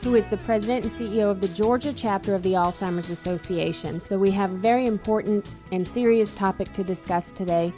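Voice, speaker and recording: A woman's voice: medium pitch, fast, few pauses, mellow, soft background music. A woman with a Boston accent hosting a radio interview show in a friendly, chatty way.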